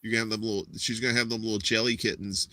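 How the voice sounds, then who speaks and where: A man's voice: on the low side, little pitch movement, racing, pushed and bright, no room sound. A man hosting a live show in casual chat, rambling and telling jokes with many fillers. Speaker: show host.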